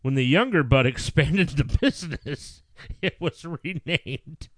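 A man's voice: a little high, measured pace, dry recording. A middle-aged man, a podcast co-host, telling stories in casual chat with lots of swearing. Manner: profane, animated storyteller.

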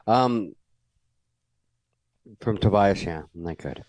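A low-voiced man chats casually and throws in short reactions and wry comments. His tone is relaxed, and the recording is dry and close. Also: a little fast, no echo. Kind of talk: casual chat.

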